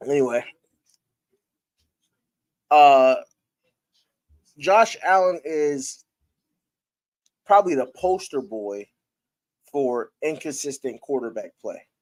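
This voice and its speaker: A man's voice: medium pitch, expressive, takes it slowly, long pauses, darkish tone. A man hosting a casual live-stream sports talk show, talking loosely with his viewers and breaking into laughter.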